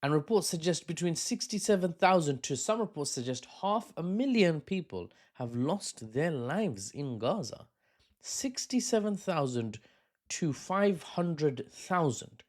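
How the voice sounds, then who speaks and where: A man's voice: a little high, sing-song, measured pace. A man giving casual political commentary, rambling, with frequent fillers and self-corrections. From United Kingdom.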